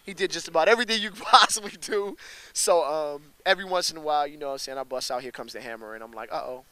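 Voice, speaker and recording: A young man with a somewhat high voice tells stories in a loose, slang-heavy way. His voice leaps up when he gets worked up. The sound is dry and close. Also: quick pace, clean tone, no echo. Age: young adult. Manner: animated, slangy, voice jumps up when excited. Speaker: rapper being interviewed. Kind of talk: casual storytelling interview.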